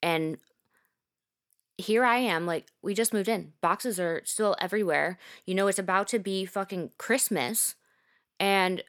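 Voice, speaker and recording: A woman's voice: mid-range voice, a little slow, a bit bright. A woman hosting a podcast, telling a personal story in a candid, emotional way with frequent swearing.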